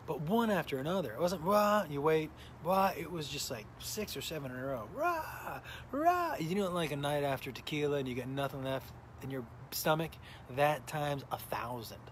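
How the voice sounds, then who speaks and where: A man's voice: a little high, fairly quick, hardly any pauses, slight background noise. A middle-aged man, a comedian, casually chatting and telling a rambling story on a live stream, greeting viewers by name while sounding a little tired. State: tired, recovering from illness.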